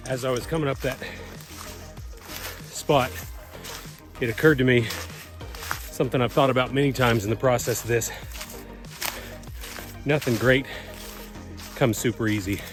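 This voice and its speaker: A man talking casually as a vlogger, easygoing and chatty, often pausing with "uh". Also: mid-range voice, fairly even intonation, over music. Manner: easygoing, chatty, with frequent "uh" pauses. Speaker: vlogger and property owner. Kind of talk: casual vlog narration.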